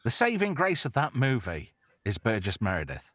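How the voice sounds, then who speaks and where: A man's voice: medium pitch, wildly swooping pitch, moderate pace, a bit bright, dry recording, studio quality. A man hosting a casual online chat show, brash, sweary and mocking in manner. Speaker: radio presenter and stream host.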